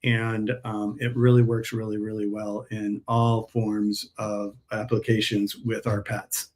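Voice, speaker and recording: A man's voice: lowish voice, level tone, a little slow, darkish tone. A man chatting casually on a live stream while packing orders, telling rambling stories in a friendly sales manner. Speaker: herbal pet supplement seller.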